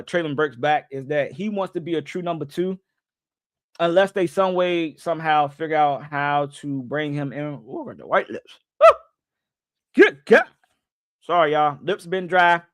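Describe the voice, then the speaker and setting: A man's voice: on the high side, a bit bright, no echo. A man hosting a live sports reaction stream, chatting loosely with viewers and joking as he goes. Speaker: livestream sports host.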